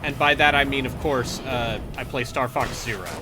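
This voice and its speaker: A playful man jokes his way through a live game stream. His voice sits at an ordinary pitch, and loud game music plays underneath him. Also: moderate pace. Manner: joking, playful. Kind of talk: casual chat while streaming a game.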